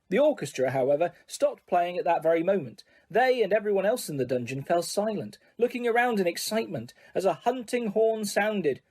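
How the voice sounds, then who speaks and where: High-voiced male audiobook narrator, steady storyteller. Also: moderate pace, husky. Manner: steady storytelling with small slips.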